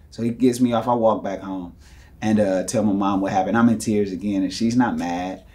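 A man's voice: medium pitch, a little fast. Young guy, storytelling to camera, does the voices and the bam bam sounds. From United States. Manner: animated, acts out quotes and punches with sound effects. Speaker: rapper telling stories to camera. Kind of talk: casual storytelling.

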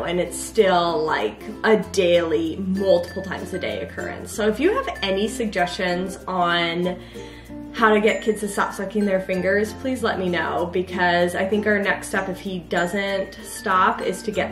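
A young woman and mother chatting casually to camera about her son, fond and quick to laugh. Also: medium pitch, fairly bright tone. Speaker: mother and vlogger. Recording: echoey room with faint music.

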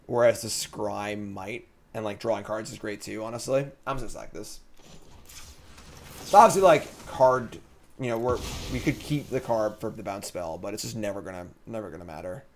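A man hosting a card game stream, giving casual live commentary as he plays, thinking out loud and joking with chat. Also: lowish voice, moderate pace. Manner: jokey, reads chat comments aloud.

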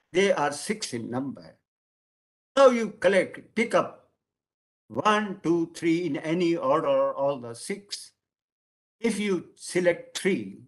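A man with an Indian English accent giving a lecture, calling his listeners "friends" and stressing key words slowly. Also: on the high side.

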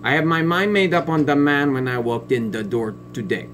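A man playing a smug, biased female family court judge in a satirical sketch, talking in a pompous, condescending way with drawn-out sneering pauses. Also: mid-range voice, a bit bright, soft background music, close to an everyday voice. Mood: sneering contempt. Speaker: comedic sketch performer.

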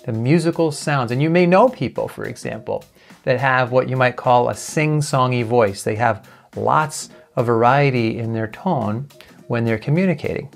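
A man teaching as a communication coach, explaining clearly and sometimes imitating sounds to demonstrate. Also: medium pitch, big pitch swings, moderate pace, faint music behind. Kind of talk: talking-head lesson.

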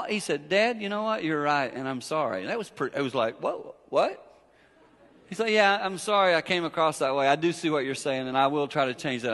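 A middle-aged man preaching a storytelling sermon in a church, animated and acting out family dialogue. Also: fairly high pitch. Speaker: guest preacher. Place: church sanctuary. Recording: long echo of a church hall.

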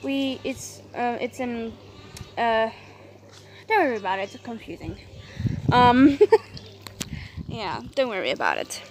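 A woman chats through a casual vlog at an unhurried pace, wandering from one thought to the next. She coos at her dogs between remarks as she walks around the garden outdoors. Her voice sits high, with a faint hum of the outdoors behind her. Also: animated. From South Africa. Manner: rambling and chatty, cooing at her dogs. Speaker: vlogger.

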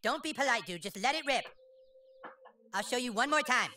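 A man's voice: very high-pitched, lively intonation, normal speed, bright, forceful tone, a little hiss or hum, heavily acted. A man voicing a bossy, pompous boy who plays a grand wizard, with a crude and commanding manner, in video game voice acting. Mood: instructing. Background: game music.

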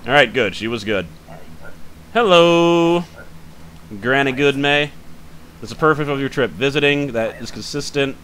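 A man narrating his own gameplay in a loose, casual way, thinking out loud and muttering as he checks each detail. His voice is bright and forceful, at an ordinary pitch, and he grumbles quickly, then says sorry. A faint hum sits under it. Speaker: gaming channel host. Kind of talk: casual let's-play commentary.

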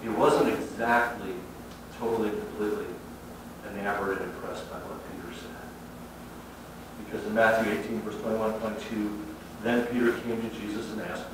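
A man preaching a sermon in a conversational and emphatic way, often swinging between quiet asides and loud stresses. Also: fairly quick, recorded from a distance, noisy background. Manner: conversational and emphatic, with lively swings of pitch and loudness. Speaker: pastor. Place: church sanctuary. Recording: very echoey hall from afar.

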